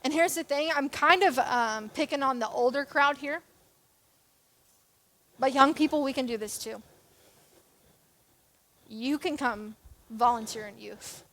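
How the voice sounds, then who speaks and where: Young woman youth leader, high pitch, casual self-mocking sermon delivery. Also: measured pace, long pauses. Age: young adult. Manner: chatty, self-deprecating, animated with jokes and asides. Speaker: church youth and kids leader.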